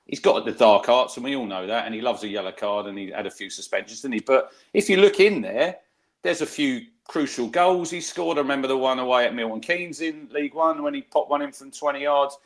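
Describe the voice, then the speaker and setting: A man's voice: mid-range voice, a little fast. Man, middle-aged, chatty co-host, anecdote-driven, filler-heavy delivery. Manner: chatty storyteller, lively anecdotes, many fillers. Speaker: podcast co-host. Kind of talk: casual football chat.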